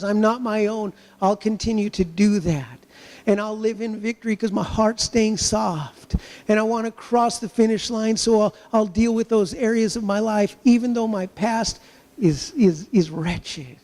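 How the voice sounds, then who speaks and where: A male pastor with a high voice and darkish tone preaches in church, hammering his points home through rhetorical questions and acted-out inner voices. The recording has a long hall reverb.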